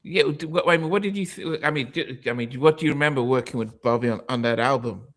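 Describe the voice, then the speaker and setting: Male host, middle-pitched voice, halting, rambling questions. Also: fairly bright tone. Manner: hesitant, many ums and restarts, asks meandering questions. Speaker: interview host. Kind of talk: casual interview.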